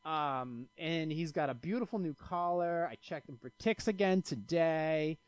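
A podcast host with a fairly high-pitched, clean voice and no echo speaks at a measured pace on a solo show. He tells rambling, profane stories, constantly restarting and interrupting himself, and the recording has a dry, slightly dull lo-fi sound.

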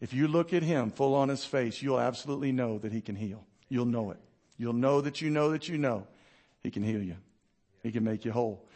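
A man pastor preaching a sermon, acting out Bible characters in quick voices and dropping low and quiet for emphasis.

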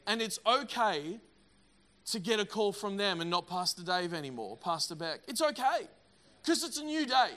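A middle-aged man preaching a sermon, energetic and emphatic, often repeating words. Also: sits high, normal speed. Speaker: pastor.

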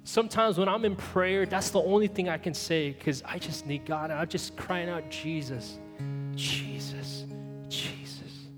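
A man's voice: high-pitched, fairly even intonation, moderate pace, hardly any pauses. A man preaching a sermon as pastor, earnest and pleading, leading the church in prayer. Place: church hall. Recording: long reverb with soft guitar music behind.

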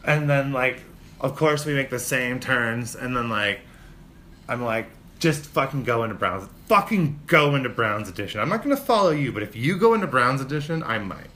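A man in casual chat, telling a road-rage story with lots of swearing and shouted impressions of himself. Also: mid-range voice, moderate pace. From Spokane, Washington. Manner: animated, profane, mimics people in shouts. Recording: faint ambient noise.

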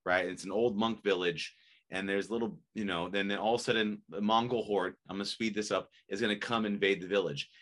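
A man hosting a casual interview who explains ideas in a rambling, animated way, often checking in with "right?". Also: on the low side, fairly quick.

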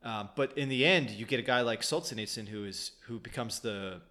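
A man's voice: medium pitch, fairly quick, bright, forceful tone. Male co-host, loose rambling storyteller, swears freely, stumbles and restarts. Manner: rambling, many restarts, profane. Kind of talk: casual chat, storytelling.

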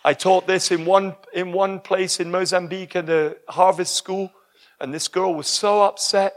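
A man preaching a sermon full of stories, exuberant and breaking into shouts at high points. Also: steady tone, moderate pace. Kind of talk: sermon with storytelling.

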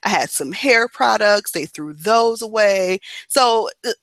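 A woman's voice: mid-range voice, lively intonation, a little slow, a bit bright, dry recording. A woman co-hosting a casual podcast chat, blunt and sarcastically dismissive. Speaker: podcast co-host.

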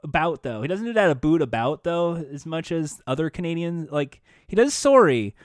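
A man co-hosting a casual podcast chat, animated and laughing often, sometimes slipping into a mock game-show announcer voice. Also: a little high, normal speed, no echo, studio quality. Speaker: podcast co-host.

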